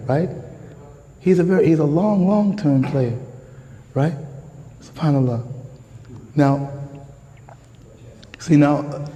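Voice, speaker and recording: An American man giving a lively, slangy sermon in a mosque, jumping from calm talk to shouts. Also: on the high side, long reverb tail, poor audio. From United States. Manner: animated, slangy street talk, rises to shouts. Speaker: guest preacher. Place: mosque prayer hall.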